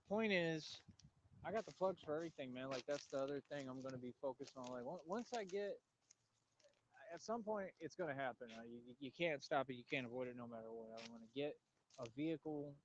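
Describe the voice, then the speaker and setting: Man, outdoor vlog, boastful rambling monologue, dull lo-fi phone audio, faint outdoor background. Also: slight background noise. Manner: boastful, rambling, talks to animals in a high cooing voice. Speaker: vlogger. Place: outdoors near trees.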